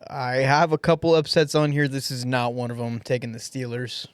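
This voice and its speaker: A man's voice: mid-range voice, flat delivery, normal speed, clear, resonant tone, dry recording. A man co-hosting a casual sports podcast, teasing the others and calling them bro. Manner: teasing, says bro a lot. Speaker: podcast co-host.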